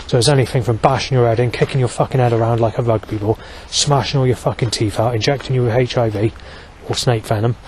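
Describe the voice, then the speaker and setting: A man's voice: medium pitch, fairly even intonation, quick pace, hardly any pauses, a little mellow. A man delivers a rambling vlog monologue in his ordinary mid-range voice. He swears constantly, trails off into fillers and restarts his sentences. Faint background noise sits under his speech.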